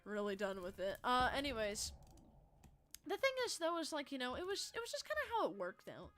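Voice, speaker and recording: A young woman, streaming and telling a story in a profane, animated, dramatic rant. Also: high-pitched, fairly quick, soft background music.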